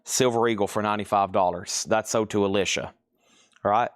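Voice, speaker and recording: A man's voice: fairly low pitch, fairly even intonation, smooth, no echo. Chatty man hosting a live sale. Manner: chatty, teasing, reading prices quickly. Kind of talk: casual live-stream selling. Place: store.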